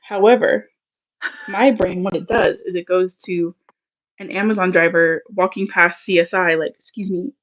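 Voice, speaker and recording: A woman's voice: fairly low pitch, fairly even intonation, moderate pace, highs cut off. Chatty storytelling woman in her thirties. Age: 30s. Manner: chatty storyteller, laughs easily. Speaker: co-host of a live stream. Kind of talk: casual chat.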